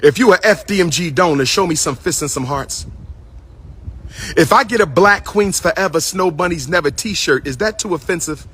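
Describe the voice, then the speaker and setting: A man's voice: fairly high pitch, animated, moderate pace, fairly bright tone, slightly rough. A man hosting a casual livestream, talking to his viewers in a playful, repetitive, sing-song way. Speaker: livestream host. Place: indoors at his school building.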